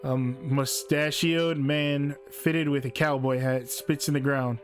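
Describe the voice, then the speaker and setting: A man's voice: medium pitch, steady tone, slow pace, faint music behind. A man playfully reading a text game aloud as a game streamer, laughing as he goes.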